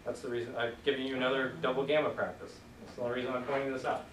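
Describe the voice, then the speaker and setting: A man teaching a class, relaxed, leading students in repeating sounds. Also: medium pitch, racing, a little hiss or hum. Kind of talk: classroom lesson. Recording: echoey room, voice from far off.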